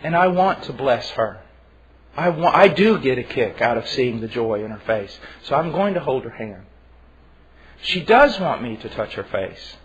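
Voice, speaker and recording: A man preaching a sermon in an earnest, emphatic way, with halting restarts. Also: medium pitch, big pitch swings, a little hiss or hum. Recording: dull lo-fi recording.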